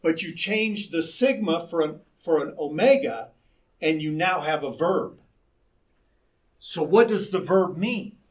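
Slow, distant male Bible teacher. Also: fairly high pitch, lively intonation. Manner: explains by posing rhetorical questions. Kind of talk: Bible lesson.

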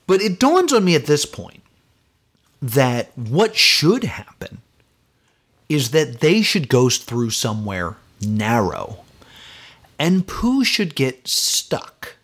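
A man hosting a podcast, giving a casual film review in an exasperated, rambling rant full of fillers. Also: on the high side. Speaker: podcast host.

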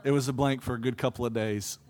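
An earnest young man preaches a personal testimony from the pulpit, his voice sitting at an ordinary middle pitch. He swells from quiet reflection into impassioned, louder pleas. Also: fairly even intonation, quick pace, a little hiss or hum. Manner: earnest, building to impassioned pleas with fluctuating loudness. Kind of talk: sermon testimony.

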